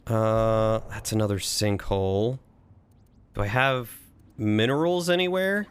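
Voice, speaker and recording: A man's voice: on the low side, unhurried, smooth. A man casually thinking aloud while streaming a strategy game, chatting with and thanking his viewers. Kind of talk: casual live-stream commentary.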